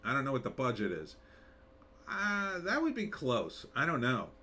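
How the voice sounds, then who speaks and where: A man's voice: mid-range voice, wildly swooping pitch, moderate pace, bright, forceful tone. A man hosting a live commentary show, talking in a sarcastic, rambling way with wry asides. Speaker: show host.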